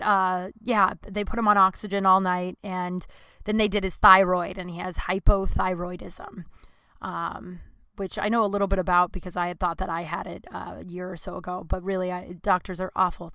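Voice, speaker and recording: Podcast host, young woman, bright crisp voice, dry close mic, emotional rambling monologue. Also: medium pitch, no room sound. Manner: emotional, rambling, swears freely, voice swings up when upset. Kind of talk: casual personal podcast monologue.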